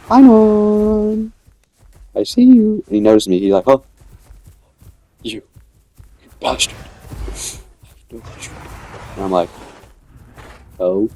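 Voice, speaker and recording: A man's voice: lowish voice, warm tone. A young man casually narrating his own dinosaur gameplay, rambling as he tells the story and acting out quoted lines.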